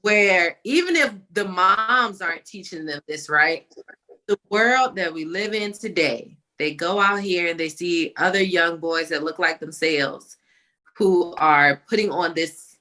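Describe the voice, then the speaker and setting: A woman co-hosting a conversation, reflecting aloud in an animated way. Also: lowish voice, unhurried. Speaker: co-host. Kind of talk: casual talk-show conversation.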